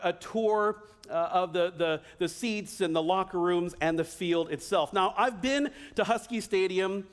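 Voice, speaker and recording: A man preaching a sermon with a notably high voice, animated and vivid, sometimes acting out cheering voices. The sound carries a long church-hall reverb. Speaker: pastor.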